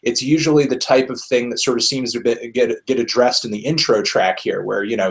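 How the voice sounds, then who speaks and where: A man hosting a casual album review discussion, thinking aloud with frequent fillers and restarts. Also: mid-range voice. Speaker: music reviewer, host.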